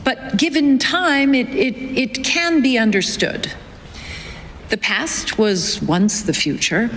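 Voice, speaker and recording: A halting woman politician. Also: a little high, a bit bright. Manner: halting, stumbling. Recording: reverberant hall, faint noise.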